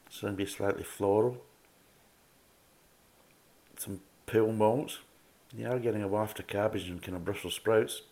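A Scottish man with a low, deep voice rants through a casual beer review, blunt and sarcastic and swearing freely. His voice rings off the walls of an echoey room. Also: darkish tone. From Scotland.

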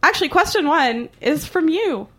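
Mujer presentadora que habla rápido y con entusiasmo. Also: female voice, high voice. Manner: quick, excitable, laughs often. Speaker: podcast host. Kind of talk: casual chat. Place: studio, live show.

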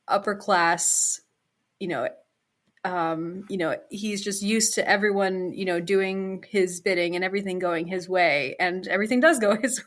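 A woman co-hosting a podcast, talking through a film in a thoughtful, casual way with many "you know"s. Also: fairly low pitch. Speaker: podcast co-host.

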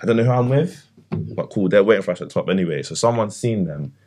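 A man's voice: lowish voice, lively intonation, fast talker, darkish tone, slight background noise. A young man, chatting casually on a podcast and rambling with many fillers. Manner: rambling, full of fillers and questions. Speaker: podcast co-host. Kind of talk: casual chat.

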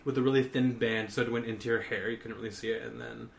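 A man's voice: mid-range voice, little pitch movement, quick pace, vocal fry. A man co-hosting a podcast, joking and laughing easily in a casual studio chat. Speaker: podcast co-host. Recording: roomy studio sound.

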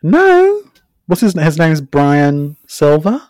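A man's voice: on the high side, wildly swooping pitch, slow pace, darkish tone, no room sound, clean studio sound. A man co-hosting a podcast in casual chat, playful and cheeky with big swings in tone. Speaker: podcast co-host.

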